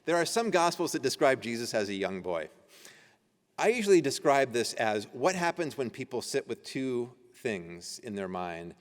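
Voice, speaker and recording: A man leads an adult class at a church, reading old texts aloud and talking them through in an easy, conversational way, laughing as he goes. His medium-pitched voice swings widely in pitch at a moderate pace, echoing with the reverb of the church meeting room.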